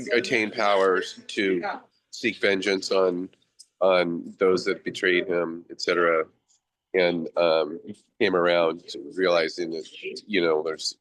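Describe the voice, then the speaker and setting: A man's voice: low voice, level tone, takes it slowly, a bit bright, no room sound, rough recording. A man adding a thoughtful, hesitant comment during a group discussion. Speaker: participant.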